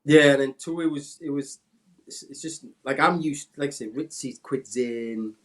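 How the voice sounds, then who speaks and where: A Welsh man in his forties, a former footballer, telling animated anecdotes in casual chat and mimicking people in a raised voice. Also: normal speed. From Wales. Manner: animated anecdotes, acts out quotes in a high voice. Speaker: former footballer, podcast guest. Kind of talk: casual storytelling.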